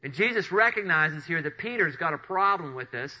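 A man preaching a sermon, retelling Bible stories with animated storytelling and acted-out voices. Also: fairly high pitch, fairly quick. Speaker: pastor. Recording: dull lo-fi sound.

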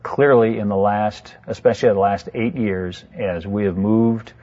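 A man in his fifties with a low, husky voice speaks in an earnest, measured way about his own life. The recording sounds dull and muffled. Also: steady tone, dark tone. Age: 50s. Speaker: married guest sharing testimony. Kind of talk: personal testimony.

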